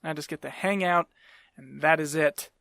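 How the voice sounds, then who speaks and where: Brief: young man, slightly high voice, swearing casual storyteller, dry close mic. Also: moderate pace, creaky, fairly bright tone, dry recording. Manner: profane, rambling, self-mocking. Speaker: podcast host.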